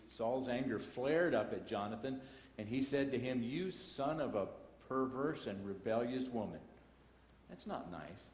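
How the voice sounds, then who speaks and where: Medium in pitch and darkish in tone, a man's voice leads a Bible class in a church auditorium. He speaks with a Texan accent, reading scripture and tossing in folksy asides, heard via an echoey church hall broadcast.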